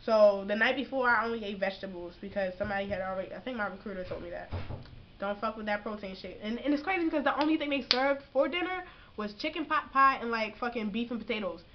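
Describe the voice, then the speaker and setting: Young woman venting bout boot camp, cussing a lot, kinda high voice, dull lo-fi webcam sound w faint hiss. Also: fast. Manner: profane, slangy, animated storytelling. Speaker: vlogger giving boot camp advice. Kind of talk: casual advice vlog.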